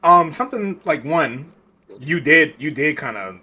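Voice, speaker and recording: A man's voice: on the high side, animated, a little slow, bright, forceful tone, a little hiss or hum. A man co-hosting an anime podcast, chatting casually and rambling with lots of fillers and restarts. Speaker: podcast co-host. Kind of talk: casual anime review chat.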